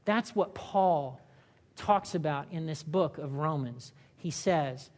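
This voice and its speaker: A woman's voice: low-pitched, slow, darkish tone. A woman pastor preaching a sermon in a conversational style, asking the congregation questions and acting out short voices. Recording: long hall reverb.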